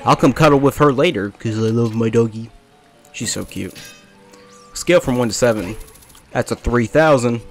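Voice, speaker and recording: A man's voice: medium pitch, moderate pace, pauses often, faint music behind. Rambling young man's gameplay commentary. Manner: rambling, jokey, self-deprecating, jumps between topics. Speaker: let's play commentator. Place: small hot bedroom with a fan running.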